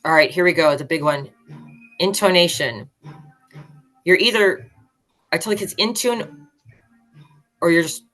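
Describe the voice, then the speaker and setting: Woman in her fifties, band director, podcast guest, emphatic and energetic, lowish voice. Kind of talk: podcast interview explaining teaching methods.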